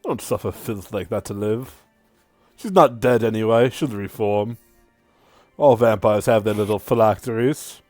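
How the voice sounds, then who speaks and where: A man's voice: on the low side, moderate pace, a little mellow, no room sound, soft background music, natural voice. A man voicing a brash, cruel male cowboy vampire hunter who boasts and threatens. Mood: menacing. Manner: boastful, menacing, leering.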